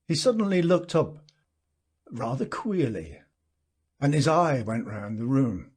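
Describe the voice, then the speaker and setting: A man reading a classic short story aloud for learners, unhurried with occasional fillers. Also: mid-range voice, sing-song, a little mellow, husky. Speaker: audiobook reader.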